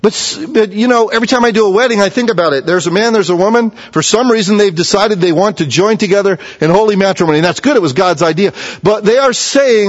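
A male pastor preaching a sermon, animated and acting out voices, then easing into soft calm tones. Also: sits high, fast talker, hardly any pauses. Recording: echoey hall, dull lo-fi sound.

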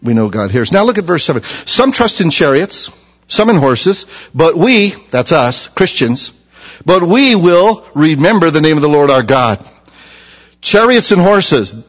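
A man preaching a sermon, emphatic, repeating key phrases and dropping to a hushed, low voice for stress. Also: sing-song, unhurried. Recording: long hall reverb.

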